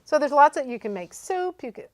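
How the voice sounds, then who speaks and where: A woman's voice: high-pitched, expressive, brisk, no echo. A woman from Vermont chatting casually on a local talk show about cookbooks, with lots of fillers and restarts. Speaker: bookstore guest showing cookbooks. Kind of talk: casual chat. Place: local community TV studio.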